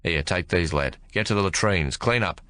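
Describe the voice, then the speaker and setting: A man voicing an army sergeant who gives orders calmly and firmly. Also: low voice, normal speed, no room sound, studio quality. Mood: commanding. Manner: calm, firm, barks orders. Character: calm commanding male army sergeant.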